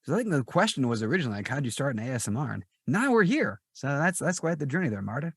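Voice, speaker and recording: A chatty, verbose man gives a podcast interview in a gravelly voice with a husky edge. He tells his stories with animation into a close mic. The sound is dry, with no room echo. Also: medium pitch, sing-song, racing. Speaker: guest, ASMR artist and actor.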